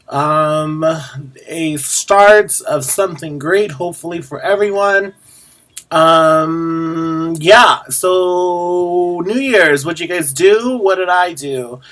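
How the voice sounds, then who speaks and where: A man, a drag performer, chatting casually to camera in a rambling, sassy way with many pauses. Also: high-pitched, a bit bright. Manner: rambling, lots of ums and restarts.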